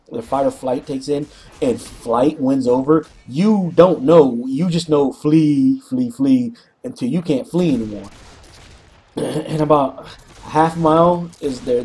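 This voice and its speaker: A man casually telling a rambling, animated story, clearing his throat often and swearing freely. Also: medium pitch. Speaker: co-op gaming channel host.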